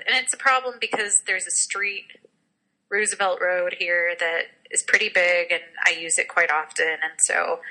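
A woman's voice: mid-range voice, sharp tone, low-quality recording. A woman co-hosting a podcast in casual chat, talkative and self-deprecating, laughing often. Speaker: podcast co-host.

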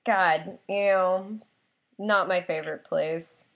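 A woman's voice: on the low side, slow pace, creaky. A woman co-hosting a podcast, chatting casually and telling stories with plenty of laughter. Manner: animated storyteller, laughs often. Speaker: podcast co-host. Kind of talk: casual chat.

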